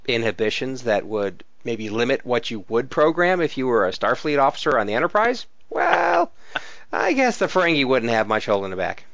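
A man's voice: medium pitch, very animated, brisk, fairly bright tone, dry recording, highs cut off. Man reading a comic synopsis. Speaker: podcast co-host. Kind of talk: casual chat and read synopsis.

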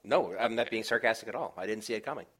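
A man in casual podcast chat about a comic, animated and quick to agree. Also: fairly low pitch, slightly rough. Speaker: podcast co-host.

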